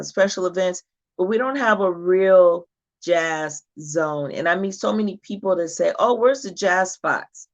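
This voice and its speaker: A woman guest talking in an effusive, grateful way during a casual chat. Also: lowish voice. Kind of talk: casual video-call chat. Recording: muffled lo-fi call audio.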